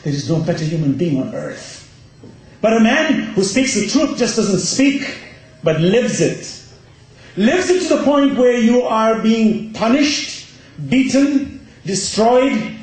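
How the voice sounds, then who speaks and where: A man's voice: high voice, a little mellow. A man giving a passionate Muharram sermon, driving his points home with rhetorical questions. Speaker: religious lecturer. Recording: very echoey hall.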